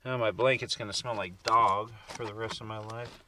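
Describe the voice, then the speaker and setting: A man's voice: fairly low pitch, steady tone, moderate pace, distant mic, heavy background noise. A man casually chatting in a camping vlog from his truck camper at night, rambling and laid-back, now and then talking baby-talk to his dog. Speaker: camping vlogger.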